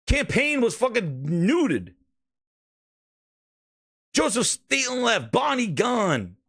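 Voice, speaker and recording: Man ranting, high and lively. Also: no echo, studio quality. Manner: profane, mocking, repeats words when riled. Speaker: gaming podcast host. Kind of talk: ranting casual commentary.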